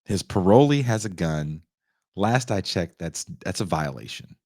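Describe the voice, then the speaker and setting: A man in his forties casually reviewing a film, profane and animated, acting out the characters' lines. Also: low voice, measured pace, dry recording, studio quality. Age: 40s. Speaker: podcast host reviewing a film.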